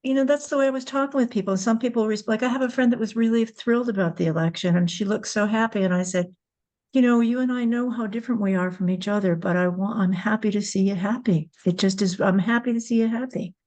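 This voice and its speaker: An older woman hosting a podcast, telling a personal story candidly and acting out the dialogue with a rising, animated voice. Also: fast talker. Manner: animated, rising pitch when retelling dialogue. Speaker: podcast host.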